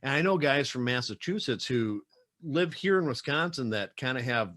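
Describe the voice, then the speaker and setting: A man's voice: medium pitch, animated, normal speed, fairly bright tone. A man from South Dakota hosting a podcast interview, chatting in a loose, rambling way and slipping into playful voices. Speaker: podcast host. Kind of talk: casual interview chat.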